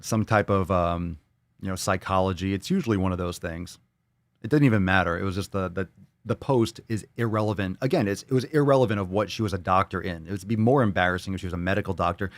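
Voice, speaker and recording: A man's voice: sits low, no room sound. A man hosting a live fitness show, reading viewer comments and ranting with heavy profanity and sarcasm.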